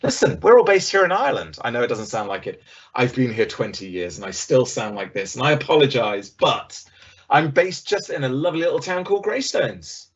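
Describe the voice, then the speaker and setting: A middle-aged man giving an online business presentation over a video call, conversational and lively, acting out the voices he quotes. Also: mid-range voice, fairly quick, breathy edge, muffled recording.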